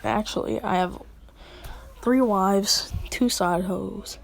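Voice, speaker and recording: A woman voicing a boastful, blunt male alien hunter in an offhand, deadpan way, in a fan story. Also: medium pitch, takes it slowly, creaky, slight background noise.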